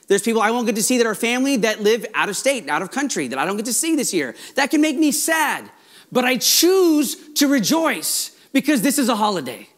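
A male pastor delivering a Sunday sermon, with a light, high-pitched voice. He gets excited and rushes ahead, restarting phrases as he goes. His delivery is informal and earnest. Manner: excitable, talks fast when excited, frequent restarts.

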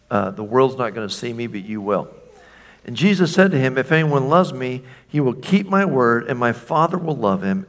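A man preaching a sermon to a congregation, chatty and informal, acting out the lines he quotes. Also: medium pitch. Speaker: pastor.

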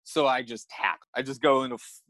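A man appearing as a podcast guest, telling a personal story in an animated, casual way and acting out the moments he describes. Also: medium pitch, brisk, no echo. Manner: animated, acts out the scenes he describes.

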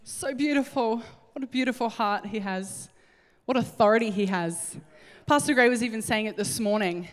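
Animated woman preaching in a hall. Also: a little high, moderate pace, hardly any pauses. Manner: animated storytelling, acts out voices. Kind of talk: sermon. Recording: hall reverb.

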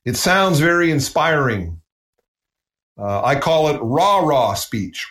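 A man's voice: a little high, very animated, slow, fairly bright tone. Earnest preacher man in an echoey room. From United States. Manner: earnest, emphatic, repeats phrases for stress. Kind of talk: sermon.

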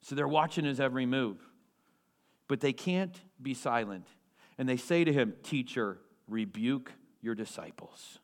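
A male pastor delivering a sermon in an animated way, using rhetorical questions and repeating key phrases for emphasis. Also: medium pitch, moderate pace.

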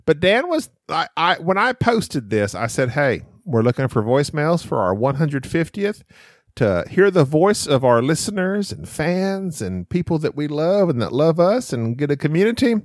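A man's voice: a little high, big pitch swings, moderate pace, no room sound, clean studio sound. A man co-hosting a podcast, playful and rambling in casual chat. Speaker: podcast co-host.

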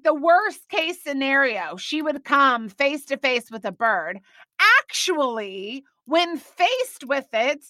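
A woman in her thirties hosts a faith podcast, chatting in a bubbly, animated way full of quick asides. Her voice sits high and bright. The close mic keeps the sound dry. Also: dry recording. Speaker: podcast host.

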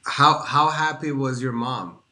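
Bright-toned male interviewer, stumbling questions. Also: medium pitch, fairly even intonation, measured pace. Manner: stumbling, repeats words when asking.

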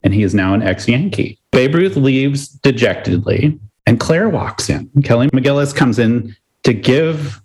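A man's voice: medium pitch, lively intonation, measured pace, a little mellow, low-quality recording. Wry, joking male podcast co-host. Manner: wry, joking recaps of scenes. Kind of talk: casual movie chat.

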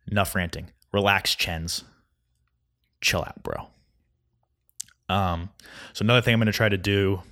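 A young man hosting a solo podcast, rambling through a casual rant at a quick, anxious clip. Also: fairly low pitch, a bit bright. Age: young adult. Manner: fast, rambling, anxious storytelling. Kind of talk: casual ranting monologue. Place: Chicago.

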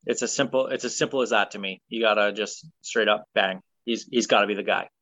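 A man hosting a casual sports podcast, leading segments in a brisk, opinionated way. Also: on the low side, fairly bright tone, no room sound. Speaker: podcast host. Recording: dull, dry sound.

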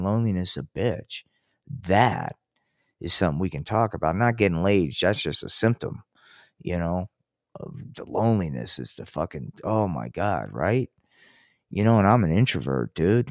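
A man's voice: deep voice, a little mellow, no room sound, clean studio sound. An older man hosting a podcast, rambling through a casual, profane monologue full of restarts. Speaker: podcast host. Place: Colorado.

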